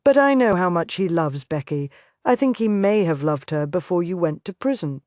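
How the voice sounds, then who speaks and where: A narrator voicing a gentle frontier woman who speaks quietly and soothingly, in an audiobook. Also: mid-range voice, expressive, moderate pace, no echo, clean studio sound, lightly acted.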